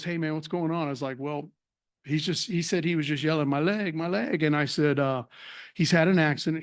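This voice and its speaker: A middle-aged man giving an earnest personal testimony at a cafe event, telling his story with many fillers and restarts. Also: a little high. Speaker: actor sharing a faith story.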